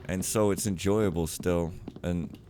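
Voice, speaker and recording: A man's voice: low-pitched, steady tone, a little slow, dark tone, slight background noise. A man giving casual gameplay commentary, rambling and cutting himself off as he rants. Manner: rambling, self-interrupting, ranting. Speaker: let's player.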